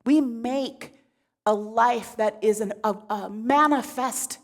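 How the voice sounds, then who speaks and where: A woman minister giving a sermon in a relaxed, conversational way with frequent asides. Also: fairly high pitch, slow, big-room sound. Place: church sanctuary.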